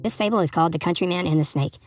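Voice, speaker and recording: A man's voice: high-pitched, very fast, over music. A man hosting a podcast, telling improvised comic stories in a crude, rambling, profane way and breaking into a read fable with jokey asides. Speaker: podcast host.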